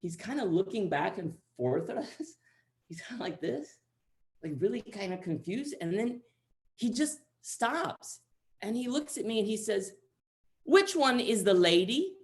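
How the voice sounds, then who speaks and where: A man's voice: sits high, unhurried. Chatty comic storyteller, a man from Texas. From Central Texas, US. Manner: animated, chatty, many likes and asides. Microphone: video call.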